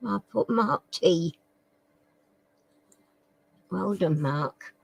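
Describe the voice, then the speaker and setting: Running a casual quiz on a live stream, a woman in a mid-range voice reads out questions, trips over some words, and addresses viewers by name. The sound quality is poor but free of echo.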